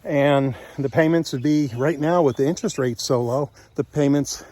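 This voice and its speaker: A man's voice: a little high, normal speed, dark tone, no echo. A middle-aged man from Kentucky, chatty and joking, walking through a house and yard on a casual tour and a little winded. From Kentucky, USA. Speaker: real estate investor vlogger. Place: outdoors and inside a house on a property tour.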